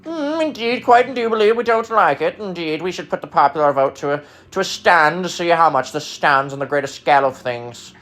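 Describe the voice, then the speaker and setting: A man's voice: a little high, expressive, fairly quick, hardly any pauses, a bit bright, pitched above the performer's own voice. A man putting on the voice of a pompous, stuffy male intellectual in a mocking parody. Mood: haughty.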